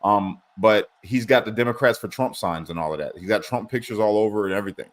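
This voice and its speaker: A man's voice: lowish voice, quick pace. A man hosting a podcast, tired, telling a story in casual chat and swearing freely. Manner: swearing, laid-back storyteller. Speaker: podcast host.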